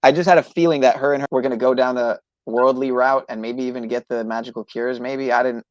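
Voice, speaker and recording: A man hosting a podcast stream who rambles and hesitates, often trailing his sentences off into a mumble. His voice sits at a middling pitch and sounds close and dry. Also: fairly even intonation, fast talker, a little mellow, dry recording, lo-fi sound. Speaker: podcast host. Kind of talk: casual livestream chat.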